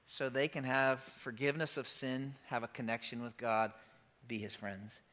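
A man preaching a sermon as a pastor, emphatic and animated, acting out quoted lines and tossing asides to the congregation. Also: medium pitch, moderate pace. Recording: long hall reverb.

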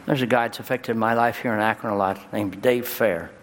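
A male pastor delivering a sermon in a church, his voice jumping high and loud on key words. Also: steady tone, brisk, a little hiss or hum. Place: church sanctuary. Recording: long hall reverb, faint ambience.

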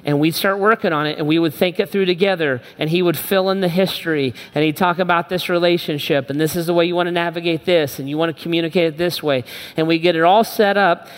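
A man's voice: on the high side, fairly even intonation, quick pace, clean tone. A middle-aged male pastor preaching a sermon, emphatic and repetitive, speaking straight to his listeners. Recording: long hall reverb.

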